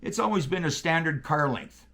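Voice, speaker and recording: A man telling railroad stories in casual chat, animated and profane, acting out radio calls. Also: fairly high pitch, normal speed. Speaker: guest, railroader.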